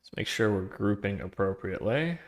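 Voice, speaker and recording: A man streaming himself coding a trading tool, chatting loosely with slang and laughs, then muttering quietly to himself as he works. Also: fairly low pitch, expressive, fairly quick. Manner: slangy, with laughs between phrases. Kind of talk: casual live-coding chat.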